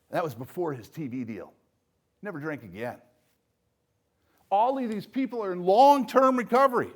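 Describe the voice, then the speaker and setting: An older man giving a motivational speech, emphatic, with loud punchy lines that drop to soft, low asides. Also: expressive, normal speed, pauses often. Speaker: speaker at a recovery event.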